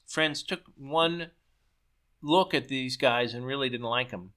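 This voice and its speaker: A man's voice: medium pitch, slow pace, bright, forceful tone, clean tone. A man reading his own story aloud, stumbling and correcting himself as he goes.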